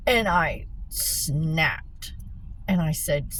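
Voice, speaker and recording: A woman's voice: low voice, very slow. A woman casually telling a story to camera, swearing freely and laughing as she goes. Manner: profane, animated storytelling with laughs. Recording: far from mic, loud traffic noise outside.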